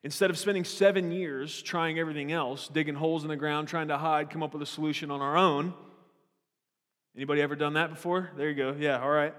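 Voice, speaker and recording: A male pastor with a fairly high voice, preaching in a loose, conversational way with joking asides and questions to the room. His voice carries a long reverb from a church hall. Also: fairly even intonation, quick pace, fairly bright tone. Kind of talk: sermon.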